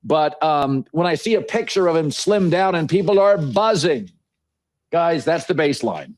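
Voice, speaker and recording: Male guest analyst, high voice, measured and thoughtful delivery. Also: expressive, darkish tone. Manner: measured, analytical, occasional filler words. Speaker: guest commentator. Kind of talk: sports analysis.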